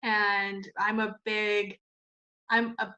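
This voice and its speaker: A woman who founded a cosmetics company tells a story in an interview, animated, laughing often and filling her talk with "like". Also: medium pitch, extremely slow. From Canada. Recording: muffled lo-fi sound.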